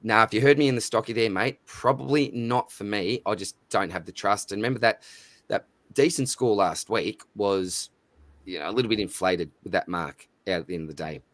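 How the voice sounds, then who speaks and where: A man's voice: on the low side, fairly quick, no room sound. A man with an Australian accent hosting a live stream in casual chat, matey and chatty as he reads out viewer names. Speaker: livestream host.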